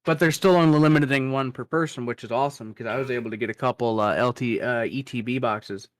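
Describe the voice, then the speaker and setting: A man in his thirties co-hosting a podcast, relaxed and rambling, with lots of "like". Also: medium pitch, fast. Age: 30s. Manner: relaxed, rambling, full of "like" fillers. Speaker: podcast co-host. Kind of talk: casual chat.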